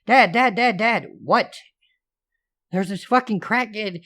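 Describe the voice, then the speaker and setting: A man's voice: fairly high pitch, animated, normal speed, creaky, fairly bright tone, pitched above the performer's own voice, exaggerated voice. A man playing a frightened, pleading teenage girl. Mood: panicked.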